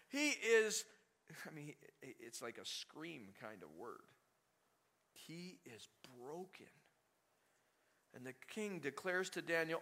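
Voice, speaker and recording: A man preaching a sermon in an animated, conversational way, full of rhetorical questions to the congregation. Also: mid-range voice, measured pace.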